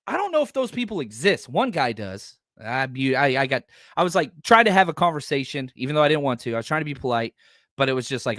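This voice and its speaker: Male fan-podcast host, blunt and animated, lively swooping delivery, dry close sound. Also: mid-range voice, quick pace, no room sound. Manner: animated, blunt, reads out viewer chats. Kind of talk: live postgame fan reaction show.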